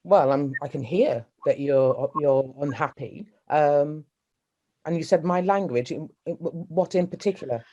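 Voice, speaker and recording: A woman's voice: low voice, a little slow, dark tone, dull audio. A woman playing a blunt female boss who answers hesitantly and defensively on a video call.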